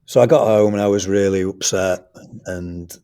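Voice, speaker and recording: Earnest man, lowish voice. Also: normal speed. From England. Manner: earnest, animated anecdote telling with quoted dialogue. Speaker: guest, school trust academic leader. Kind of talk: storytelling in a podcast interview.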